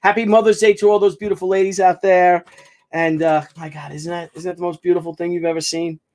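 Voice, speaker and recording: A man talking casually to camera in an unboxing video, halting and effusive, with many restarts and fillers. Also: high voice, flat delivery, darkish tone. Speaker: vlogger unboxing a gift. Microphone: camera mic.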